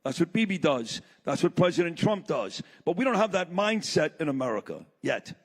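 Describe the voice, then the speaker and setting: A man's voice: a little high, big pitch swings, moderate pace. A man giving a blunt, impassioned speech to a live audience, telling a story from the stage. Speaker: summit speaker. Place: large hall. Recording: long reverb of a large hall.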